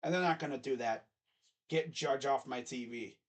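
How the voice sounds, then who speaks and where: A man giving casual live play-by-play reaction to a baseball game, talking in an excitable, rambling way as a fan. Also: mid-range voice, normal speed.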